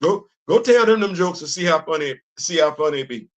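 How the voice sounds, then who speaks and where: A man hosting a comedic live-stream commentary, talking in an animated, teasing, emphatic way. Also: fairly high pitch, a little fast. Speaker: host.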